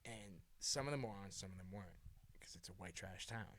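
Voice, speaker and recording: A man's voice: sits low, fairly quick, a bit bright, slight background noise. A young man co-hosting a podcast, telling a wild story in casual chat, laughing and swearing, full of "like" and "dude". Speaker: podcast co-host.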